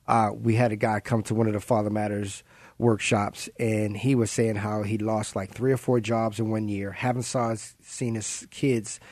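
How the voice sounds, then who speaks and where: A man's voice: on the low side, little pitch movement, moderate pace, a little mellow, dry recording. A man co-hosting a casual faith-based podcast, telling stories in an earnest, conversational way. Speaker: co-host.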